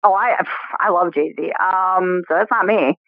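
A woman's voice: on the low side, unhurried, no room sound, narrow, tinny audio. A woman co-hosting a podcast in a casual quiz chat, laughing often and guessing aloud over a remote line. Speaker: podcast co-host.

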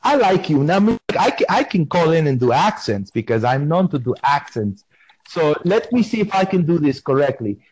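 A man's voice: on the high side, sing-song, moderate pace, darkish tone, breathy edge, no echo, low-quality recording. A man hosting a podcast in a casual, playful, rambling way, talking with mock seriousness. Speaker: podcast host.

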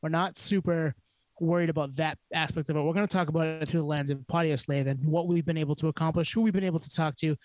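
A man's voice: a little high, fairly even intonation, fast talker, darkish tone, no echo. A man co-hosting a podcast in casual chat, joking and rambling. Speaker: podcast co-host.

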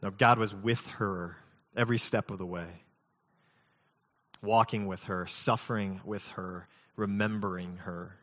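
Male pastor, low voice, relaxed conversational preaching with light humor, long hall reverb. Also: unhurried, pauses often. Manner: conversational, mixes scripture reading with humorous personal stories. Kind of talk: sermon.

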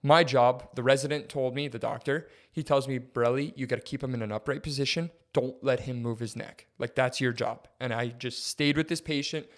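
A man's voice: a little fast, hardly any pauses. A young man co-hosting a podcast, telling a story casually and acting out quotes with big jumps in his voice. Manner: animated, acts out quotes with big pitch jumps. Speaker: podcast co-host.

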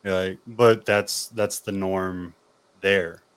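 Low, smooth-voiced American man. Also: steady tone, slow pace. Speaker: podcast guest. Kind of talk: casual conversation.

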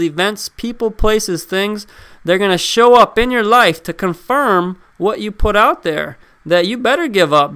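A self-help speaker gives a casual, conversational motivational talk, addressing his listeners directly with questions. He drives his points home by repeating them, in a voice that sits high with a fairly bright, smooth tone.

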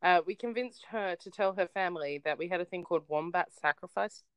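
A woman with an Australian accent, co-hosting a casual podcast chat and telling lively stories with frequent laughs. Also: on the low side, a little fast, clear, resonant tone, no echo. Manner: animated storyteller, laughs often. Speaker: podcast co-host.

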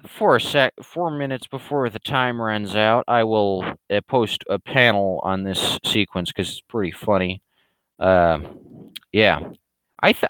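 A man rambling through a casual livestream Q&A in a dry, sarcastic tone. His voice sits low and sounds smooth and clear. It is recorded close and dry, with no room around it. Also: fairly bright tone, dry recording, low-quality recording. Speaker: webcomic creator hosting a Q&A stream.

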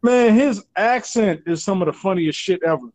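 High-pitched, joking, profane man. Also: expressive, normal speed, darkish tone, dry recording. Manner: profane, joking, loose slang. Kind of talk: casual chat.

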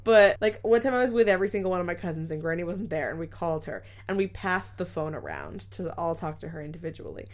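A young adult woman co-hosting a podcast, telling stories in a casual, animated way with frequent laughter. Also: on the low side, quick pace, few pauses. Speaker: podcast co-host. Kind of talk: casual chat.

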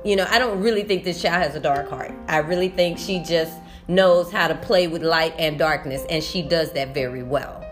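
A woman's voice: low voice, moderate pace, hardly any pauses, faint music behind. A woman teacher talking through a personal vlog monologue, emotional and rambling, restarting her sentences often. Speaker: sixth-grade teacher.

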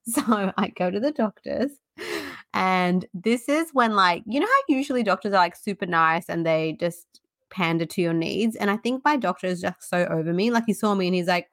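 Thirties woman, podcast co-host, lively storyteller, medium pitch, dry close mic. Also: moderate pace, no echo. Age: 30s. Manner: animated storyteller, acts out quotes, laughs often. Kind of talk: casual chat.

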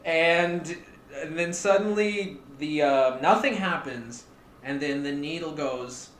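A man co-hosting a comedy podcast, narrating an improvised story slowly with many hesitations. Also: fairly high pitch, roomy sound, a little hiss or hum. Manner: slow, hesitant narration with fillers. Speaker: co-host.

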